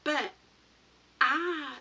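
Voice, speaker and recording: A woman's voice: sits high, extremely slow, gravelly, pushed and bright, lo-fi sound. A woman hosting a casual late-night live chat from her home craft room, chatty and rambling, laughing often and greeting viewers by name. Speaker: crafting channel host. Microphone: computer or tablet mic.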